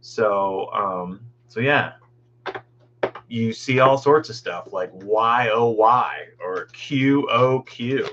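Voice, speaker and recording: A man's voice: lowish voice, very slow, fairly bright tone, muffled recording. A man hosting a meditation group from home on a video call, rambling casually and greeting people by name.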